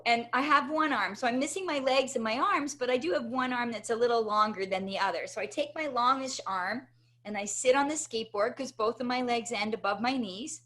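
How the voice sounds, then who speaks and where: Brief: woman, interview guest, higher pitch, animated storyteller who keeps asking "right?". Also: a little fast. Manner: animated, tags many sentences with "right?". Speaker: interview guest, motivational speaker. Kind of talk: personal storytelling in conversation.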